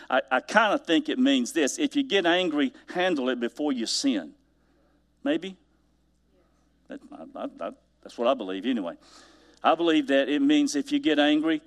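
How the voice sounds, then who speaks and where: A male pastor preaching a sermon, animated, swinging between loud emphasis and hushed asides. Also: a little high.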